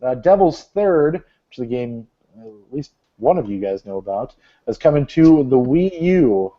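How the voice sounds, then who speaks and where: A man's voice: mid-range voice, sing-song, normal speed. Rambling man on a lo-fi podcast. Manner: rambling, joking, many fillers. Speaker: podcast host reading gaming news. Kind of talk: casual podcast chat. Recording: dull lo-fi podcast audio.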